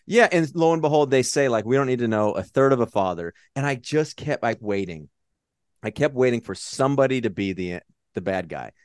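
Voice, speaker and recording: A man's voice: medium pitch, lively intonation, fairly quick, dry recording, clean studio sound. A man co-hosting a podcast, chatting casually about movies, rambling, swearing and acting out scenes. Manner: rambling, swears, acts out characters in quotes. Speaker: podcast co-host.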